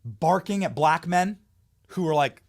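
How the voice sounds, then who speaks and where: A man's voice: on the high side, animated, a little slow, gravelly. A man hosting a political commentary show, talking in a heated, mocking, emphatic way. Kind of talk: opinionated commentary monologue.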